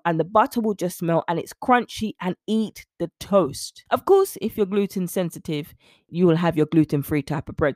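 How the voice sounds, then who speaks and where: A woman's voice: mid-range voice, a little mellow, dry recording, studio quality. A woman hosting her own nutrition coaching podcast, talking chattily and animatedly to her listeners and laughing often. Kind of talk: casual solo podcast monologue.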